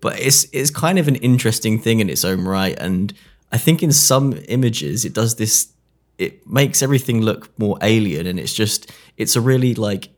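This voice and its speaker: A man interviewing a guest in casual chat, relaxed and blunt in his wording. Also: lowish voice, normal speed.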